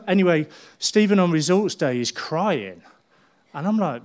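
A middle-aged man, preaching a sermon as a pastor in a lively storytelling manner. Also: fairly high pitch, takes it slowly. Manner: animated storytelling, acting out people's voices.

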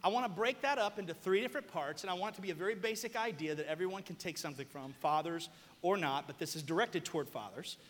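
Young male preacher from the American South, high and bright, animated storyteller who breaks into shouts. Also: fast, a little hiss or hum. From southern United States. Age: young adult. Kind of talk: sermon. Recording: long hall reverb.

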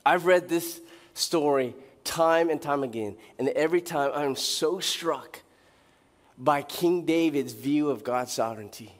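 Animated high-voiced male pastor preaching. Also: a little slow, in a large hall. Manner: animated storytelling, acting out characters' lines. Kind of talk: sermon. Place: church sanctuary.

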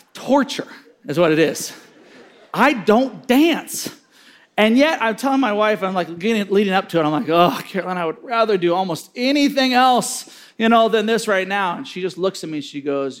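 A man's voice: high voice, lively intonation, normal speed. A middle-aged man giving a sermon-style talk on parenting, telling stories and acting out the voices in them. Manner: storytelling, acting out quoted voices with big swings.

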